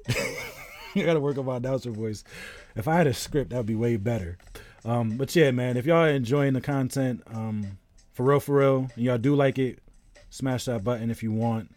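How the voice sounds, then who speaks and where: A man's voice: mid-range voice, moderate pace, darkish tone, no room sound. A man around thirty, a game streamer in casual live-stream chat, telling a rambling story while greeting viewers.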